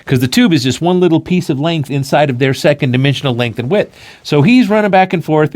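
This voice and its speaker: A man explaining an idea through an animated story, acting out the scenes as he goes. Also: fairly high pitch, brisk.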